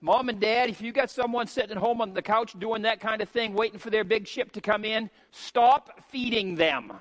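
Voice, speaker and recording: A middle-aged man preaching a sermon as a pastor, emphatic and rising to shouts on key points. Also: high voice, normal speed. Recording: long hall reverb.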